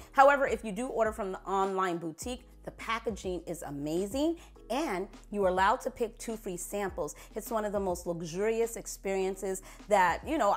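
A woman vlogger chatting casually to camera, sassy and playful, laughing at herself as she talks. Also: medium pitch. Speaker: beauty vlogger.

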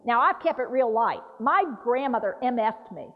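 A woman dementia care trainer giving a lively talk, acting out patient voices. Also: a little high, normal speed. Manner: animated, acts out patient voices. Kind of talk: lively training talk with role-play demonstrations. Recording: dull roomy hall recording.

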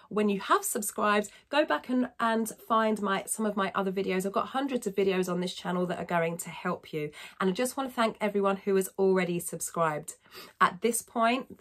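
A woman talking through a casual singing lesson. Her voice sits at an ordinary middle pitch, and she chats easily, thanks her viewers and drops in quick self-deprecating remarks. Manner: chatty, warm-hearted asides, thanks viewers. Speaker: singing teacher.

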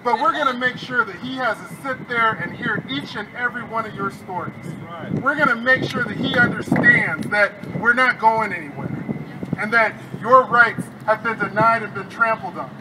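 A man's voice: very high voice, moderate pace, heavy background noise. A man, a state legislator, giving a fiery, rousing rally speech outdoors while frustrated.

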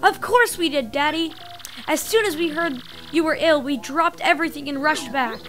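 A woman voicing a bossy young female mob boss's daughter from a video game, in a high, sharp, commanding voice. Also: normal speed, faint music behind. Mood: pleading.

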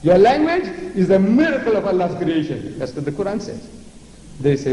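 An older man from South Africa lectures to a crowd with sarcastic, theatrical mockery. His voice sits high but sounds mellow. It rings through a big hall with a long reverb. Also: big pitch swings, moderate pace. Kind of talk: public religious lecture. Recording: echoey lecture hall with faint noise.

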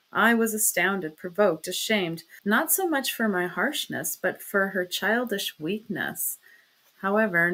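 A woman narrating a classic novel in an expressive, measured audiobook reading. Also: mid-range voice. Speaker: audiobook reader. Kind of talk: scripted narration.

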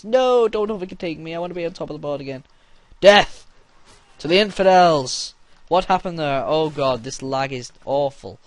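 A young man commenting crudely on his own gameplay and shouting battle cries. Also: on the high side, dry recording.

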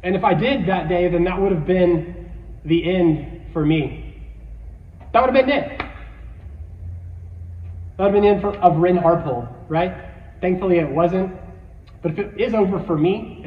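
A high-pitched man preaches to young people, animated and emphatic as he tells a story. His voice comes from a distance in a big, echoey hall with a long tail of reverb. The sound is a little dull, with a faint hiss underneath. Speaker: youth pastor. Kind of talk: sermon with personal storytelling.

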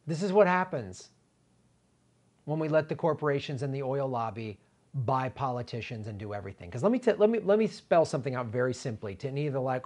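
A middle-aged political commentary host speaks animatedly and indignantly, repeating points for emphasis. His voice sits at medium pitch and moves a little fast.

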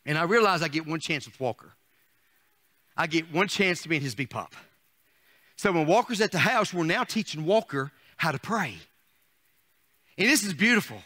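Middle-aged man as a preacher, sharp and bright, fiery sermon full of questions to the pews. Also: a little high, animated, moderate pace, pauses often. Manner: swings from shouted declarations to soft asides. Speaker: pastor.

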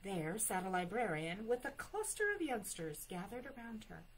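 A woman working as a librarian, reading a picture book aloud at story time in an expressive, unhurried way, adding chatty asides. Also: medium pitch, a little hiss or hum, low-quality recording.

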